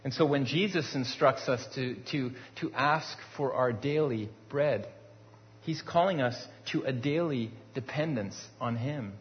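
A pastor preaching a sermon in a conversational way, with rhetorical questions and frequent restarts. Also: male voice, medium pitch, unhurried. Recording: dull sound with long hall reverb.

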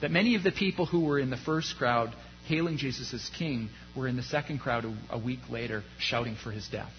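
A man preaching a sermon as a pastor, his delivery rising to emphasis and dropping low. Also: a little fast, highs cut off, soft background music.

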